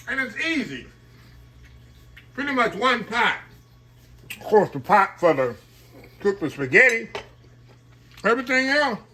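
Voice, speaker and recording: A man's voice: sits high, bright, forceful tone. A man hosting a casual cooking vlog, talking to viewers in a folksy, repetitive way and humming as he tastes the food. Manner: folksy, repeats "y'all" and "look at that", hums while eating. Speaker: cooking channel host.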